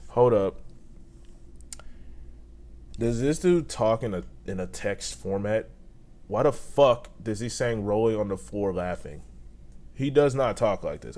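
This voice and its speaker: A man's voice: on the low side, animated, measured pace, pauses often, a little mellow, faint music behind. Cursing man playing a game aloud. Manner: profane, exclaiming, talks to himself. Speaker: gaming streamer. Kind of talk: casual let's-play commentary.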